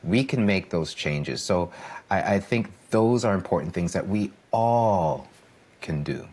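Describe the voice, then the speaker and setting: A man with a low, husky voice talks through a podcast discussion as a coach. He is emphatic, repeats his points for weight, and keeps checking in with the listener. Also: lively intonation, a little slow, darkish tone. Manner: emphatic, repeats key phrases, asks "right?" for agreement.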